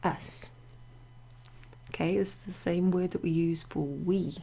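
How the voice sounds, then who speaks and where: A woman explains French pronouns in a loose, chatty way, pausing with fillers and wandering into asides. Her voice is low, dark and mellow, with a gravelly, husky edge. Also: steady tone. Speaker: French teacher. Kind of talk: casual explanatory lesson. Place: home near a greenhouse.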